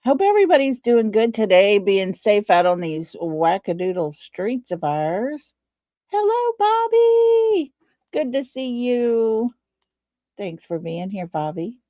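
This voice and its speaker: A woman's voice: mid-range voice, expressive, measured pace, warm tone, no echo, muffled recording. A tired woman with a Texan accent hosting a casual livestream, chatting folksily and greeting viewers by name. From Texas. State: tired, low on energy. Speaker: livestream host. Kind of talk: casual live-stream chat.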